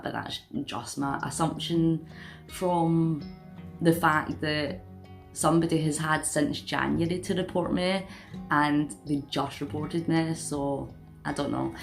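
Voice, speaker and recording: A Scottish woman vlogs to camera in a casual, animated storytelling manner. Her voice sits slightly low for a woman, and she tosses in incredulous asides. Faint music plays in the background. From Scotland. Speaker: vlogger.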